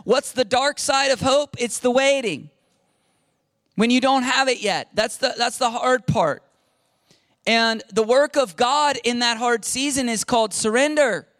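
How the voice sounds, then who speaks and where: A middle-aged male pastor telling a story in a conversational, animated sermon, often repeating his words. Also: very high-pitched, measured pace, no echo.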